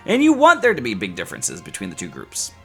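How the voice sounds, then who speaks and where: A man teaching statistics in a playful, sarcastic, animated way. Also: fairly low pitch, quick pace, creaky, faint music behind. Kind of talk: scripted educational video.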